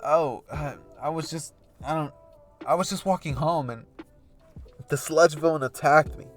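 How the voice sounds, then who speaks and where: Man putting on a timid young boy, soft and hesitant, stammering, storybook fan tale. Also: fairly high pitch, a little slow, soft background music, close to an everyday voice. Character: timid shy young male hero-hopeful.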